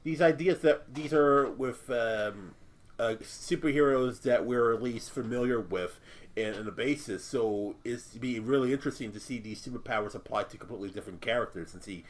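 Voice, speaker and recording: A man's voice: mid-range voice, moderate pace. A man co-hosting a casual podcast, throwing in jokey asides. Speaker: podcast co-host. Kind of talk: casual nerd podcast chat.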